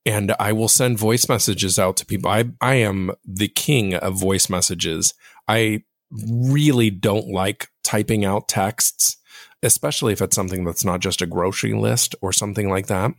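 A man hosting a casual solo podcast, speaking directly to his listeners in a reflective, self-deprecating way, with a fairly monotone voice. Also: fairly low pitch, moderate pace, no room sound, clean studio sound. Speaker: podcast host.

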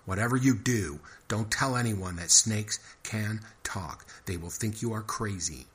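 A bossy secretive boy, read by a man, lowish voice, storybook podcast. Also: a little slow, a bit bright. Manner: shushing, bossy.

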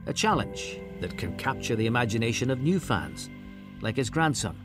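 A man's voice: medium pitch, sing-song, moderate pace. Male documentary narrator over music. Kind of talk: scripted narration.

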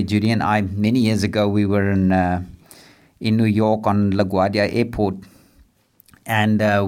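A man hosting a leadership podcast, talking earnestly and a bit repetitively about faith and purpose. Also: fairly low pitch. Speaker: podcast host. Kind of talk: casual motivational faith talk.

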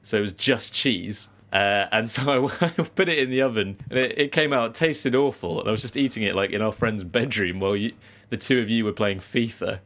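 A man's voice: lowish voice, fairly quick, hardly any pauses, fairly bright tone. Chatty, laughing male podcast co-host. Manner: chatty, laughs often, puts on silly accents. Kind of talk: casual chat.

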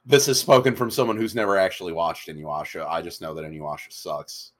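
A man's voice: low voice, steady tone, fairly quick. A man co-hosting a podcast in loose, rambling casual chat, often repeating words as he restarts. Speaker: podcast co-host.

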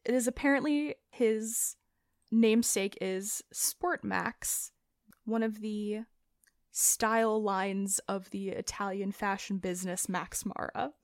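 A woman co-hosting a podcast in casual chat. She builds her stories slowly and deliberately and keeps breaking into laughter. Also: mid-range voice, no room sound, clean studio sound. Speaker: podcast co-host.

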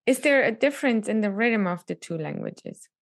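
A woman's voice: mid-range voice, very animated, normal speed, gravelly. A woman hosting an interview, asking questions and giving brief backchannel replies. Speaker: podcast host.

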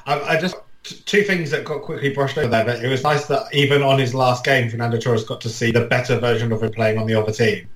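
A man co-hosting a football podcast and trading dry asides with the others. His voice rings in a noticeably echoey room. He speaks plainly, in a medium pitch. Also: fairly even intonation, fast talker. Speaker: podcast co-host. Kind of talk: casual football podcast chat.

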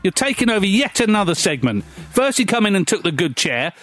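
A man's voice: high voice, very animated, fairly quick, fairly bright tone, soft background music. An actor playing an indignant, whiny male radio co-host who is jealous of his partner.

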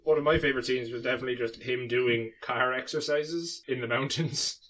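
A man's voice: medium pitch, brisk, fairly bright tone. Man trading dry asides. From Ireland. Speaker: podcast co-host. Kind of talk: casual chat.

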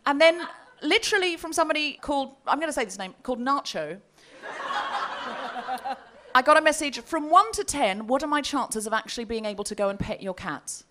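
A woman's voice: high voice, lively intonation, brisk, bright, forceful tone, a little hiss or hum. A woman co-hosting a live comedy podcast, telling a story with laughter and quoting messages in put-on voices. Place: live comedy festival show.

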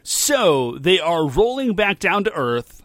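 Bright, lively man chatting casually. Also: high voice, takes it slowly, dry recording, studio quality. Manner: agreeable, chiming in, acts out quotes. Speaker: podcast co-host. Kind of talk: casual chat recapping a show.

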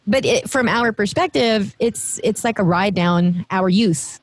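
A Filipino woman co-hosting a podcast in casual chat, talkative and quick to laugh. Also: mid-range voice, no echo. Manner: chatty, laughs often, mixes in Tagalog. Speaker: podcast co-host.

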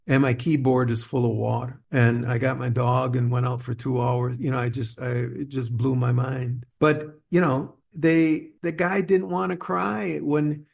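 Gravelly man telling stories in an interview. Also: mid-range voice, measured pace, hardly any pauses. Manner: rambling, repeats words and restarts, animated when quoting others. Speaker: author interviewed as guest. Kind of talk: conversational storytelling interview.

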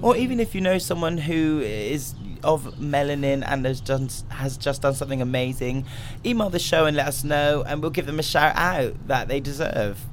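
A man's voice: a little high, normal speed, slight background noise. A man hosting a podcast, chatting casually and signing off the episode. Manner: relaxed, easygoing, signs off the show with plugs. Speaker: podcast host.

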